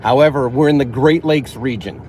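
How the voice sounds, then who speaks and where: Man host chatting to viewers mid-drive, everyday pitch, steady car noise under the voice. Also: moderate pace, rough recording. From northern Illinois. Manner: chatty, reads and answers chat. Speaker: livestream host. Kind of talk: casual livestream chat while driving. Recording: car road noise behind.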